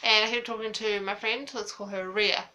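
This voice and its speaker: A woman's voice: medium pitch, fairly even intonation, normal speed, bright, forceful tone, a little hiss or hum. A woman vlogger telling a personal story in a casual, chatty way, full of fillers and acted-out quotes.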